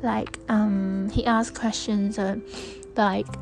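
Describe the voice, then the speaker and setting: A woman's voice: medium pitch, flat delivery, slow pace, gravelly, a little mellow, low-quality recording. A young woman hosting a podcast, talking through a personal reflection in a hesitant way with many restarts. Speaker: podcast host.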